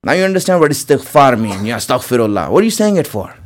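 A man's voice: on the high side, very animated, fast talker. A man giving an earnest religious sermon, repeating phrases for emphasis and calling his listeners his friends. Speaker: preacher.

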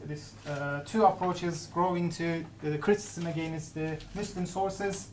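A woman with a somewhat low voice presents her research to an academic audience. She speaks haltingly, restarting phrases and filling pauses as she goes. A faint hiss sits under the recording. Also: steady tone, a little mellow. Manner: halting, many restarts and fillers. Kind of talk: conference paper presentation.

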